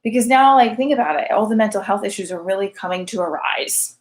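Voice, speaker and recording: Speaking quickly at a medium pitch, this woman in her thirties is a single mother delivering a rambling comic monologue. She's chatty, packs in fillers, and cracks sarcastic jokes at her own expense.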